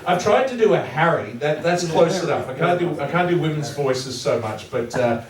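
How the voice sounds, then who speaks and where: A man's voice: on the high side, lively intonation, moderate pace, heavy background noise. A man doing stand-up comedy, playful and chatty, laughing often and quizzing his audience. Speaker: guest comedian. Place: community hall. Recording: echoey hall, far mic, audience.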